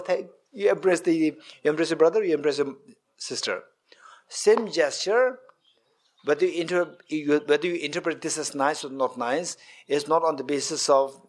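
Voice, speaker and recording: A middle-aged man, a Buddhist teacher giving a dharma talk to a retreat group, repeating his points and asking the audience questions. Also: on the high side. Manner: repetitive, questioning the audience, animated with gestures. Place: meditation centre hall.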